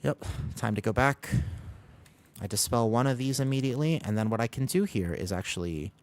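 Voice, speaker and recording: Speaking at a medium pitch, fairly quickly and with animation, a man from the United States chats casually with his stream audience while playing a game. He rambles, jokes about himself, and drops playful asides to chat.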